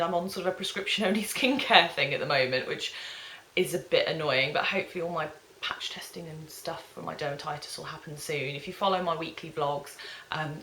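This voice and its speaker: Chatty woman vlogger, bright tone. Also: mid-range voice, slight background noise. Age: 30s. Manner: chatty, bubbly, lots of ums. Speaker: beauty vlogger. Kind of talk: casual product review chat. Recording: echoey room.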